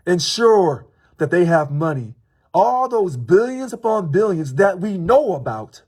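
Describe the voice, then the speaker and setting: A man with a husky, slightly raised voice speaks as a union local president, addressing a public official in a measured sermon-like tone. He drives points home by repeating them and spacing his words deliberately. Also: fairly high pitch, darkish tone. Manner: measured, preachy, repeats for emphasis. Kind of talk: direct-address video commentary.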